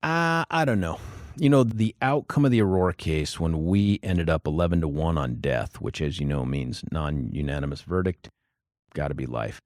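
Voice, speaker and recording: A middle-aged man, a district attorney, telling stories in a casual interview with an animated, expressive manner. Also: a bass voice, moderate pace, no room sound, studio quality.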